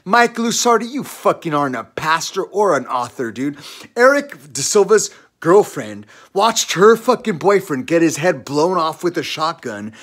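A man with a Californian accent rants, swearing constantly and full of agitation. His fairly high voice jumps from loud bursts down to low, bitter muttering. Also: very animated, normal speed. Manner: profane, agitated, swinging between shouting and low muttering. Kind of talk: angry ranting monologue.

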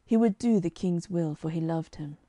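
A woman narrating a children's storybook in a calm, measured reading on a close mic. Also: lowish voice, no echo. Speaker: audiobook narrator.

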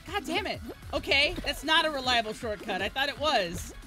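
Woman streamer, desk mic, lively up-and-down voice, curses at every fail, rambling chat with viewers. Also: sits high, moderate pace, music in the background. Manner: swears and shrieks at failures. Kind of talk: live gameplay commentary.

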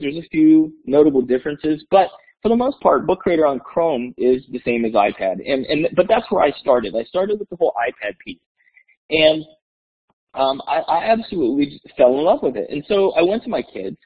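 Animated husky man on a tinny line. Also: a little high. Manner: animated storyteller, repeats words as he goes. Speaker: guest presenter, educator. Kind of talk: webinar storytelling presentation. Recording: tinny phone-like webinar audio.

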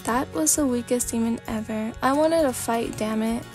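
A woman reading a sleepy story aloud, voicing a loud, rude, boastful young male demon-slaying warrior who trades insults. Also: a little high, normal speed, soft background music, lightly acted. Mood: gruff.

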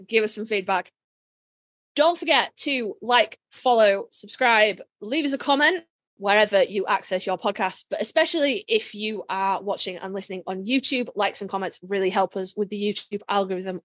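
A woman with a Yorkshire accent co-hosting a casual podcast, blunt and quick to swear, laughing often. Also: mid-range voice, a bit bright, no echo. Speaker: podcast co-host.

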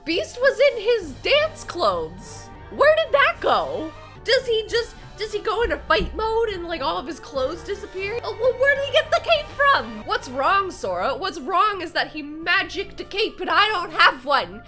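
A woman with a very high voice streams herself playing a video game, speaking at a measured pace with few pauses while faint music plays behind her. She's goofy and excitable, joking around and chatting to the game characters in casual let's-play commentary, all despite a sore throat.

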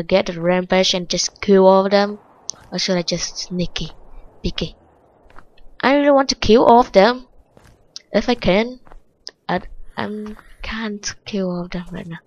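Slow-talking Vietnamese-accented woman gamer. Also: lo-fi sound. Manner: excitable, jumps from muttering to high shrieks when scared; simple non-native English phrasing. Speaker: gaming channel host. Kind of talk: let's-play game commentary.

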